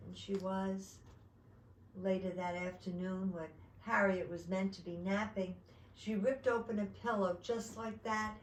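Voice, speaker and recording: A woman hosting story time who reads a picture book aloud slowly and expressively, then chats. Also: medium pitch, little pitch movement, reverberant, poor audio.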